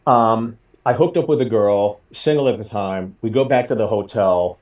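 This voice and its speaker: A comedian in his forties telling a story in casual chat, getting loud and high when he acts out quotes. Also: normal speed. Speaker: comedian guest.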